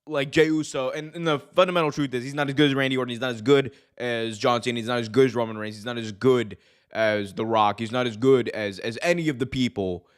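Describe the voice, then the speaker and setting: Young male wrestling host, animated casual rant, lots of restarts, mid-pitched voice. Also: fast, clean tone. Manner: animated, repeats himself, frequent restarts and fillers. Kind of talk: casual opinion rant to live viewers.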